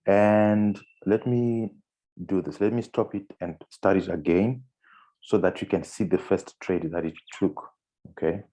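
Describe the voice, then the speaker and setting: A man's voice: low voice, fairly even intonation, unhurried, dark tone. A man giving a screen-share trading tutorial, walking through on-screen steps with frequent fillers and restarts. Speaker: trading instructor.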